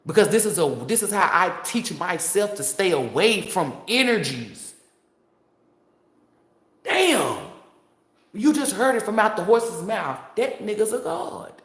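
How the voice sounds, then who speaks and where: A woman tarot reader delivers a casual, preachy monologue to her audience, blunt and full of profanity. Her voice sits at a middle pitch. The recording is roomy and echoey. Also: sing-song, unhurried. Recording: echoey room.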